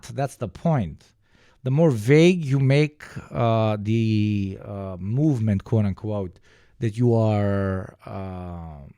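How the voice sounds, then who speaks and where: A man's voice: medium pitch, a little mellow, no room sound, studio quality. A man from Turkey with a Turkish accent, ranting casually on a livestream in a profane, emphatic way, with many fillers and restarts.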